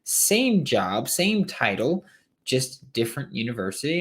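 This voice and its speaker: A man's voice: mid-range voice, big pitch swings, normal speed. A man hosting a solo sports podcast late at night, tired but opinionated and emphatic, with rambling asides.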